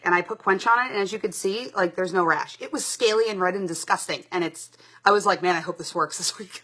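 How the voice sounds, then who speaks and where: A young adult woman works as a sales presenter during a live product demo, sounding chatty and upbeat and dropping lots of "like" and "um." Her mid-range voice is bright with a forceful tone.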